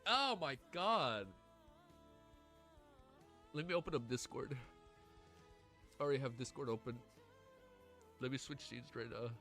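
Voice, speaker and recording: Male streamer with a bright, forceful voice and a stuffy nose, excitable and profane, faint music behind. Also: mid-range voice, measured pace, long pauses. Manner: excitable, swears a lot, emotional. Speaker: livestreamer. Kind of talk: casual livestream reaction and reading aloud.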